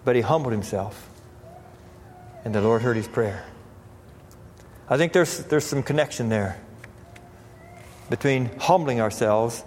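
A man's voice: mid-range voice, a little mellow, a little hiss or hum. A man preaching a sermon, reading scripture in old-fashioned wording and repeating phrases as he builds emphasis. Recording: reverberant hall.

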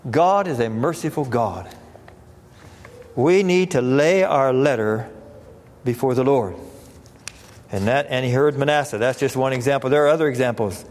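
A man's voice: mid-range voice, moderate pace, long pauses, a little mellow. A man preaching a sermon, reading scripture in old-fashioned wording and repeating phrases as he builds emphasis. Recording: reverberant hall.

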